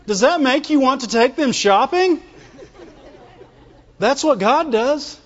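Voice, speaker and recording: A man preaching a sermon, animated and playful, acting out whining voices and laughing often. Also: very high-pitched, takes it slowly, a faint crowd. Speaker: pastor. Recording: dull sound with long hall reverb.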